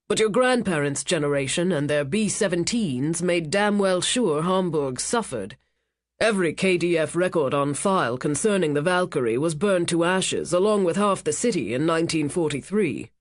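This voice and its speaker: A narrator voicing a rich casino owner, a man who speaks with smooth, menacing charm. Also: mid-range voice, no echo, studio quality, lightly acted. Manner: smooth, commanding, cutting. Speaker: cruise ship owner.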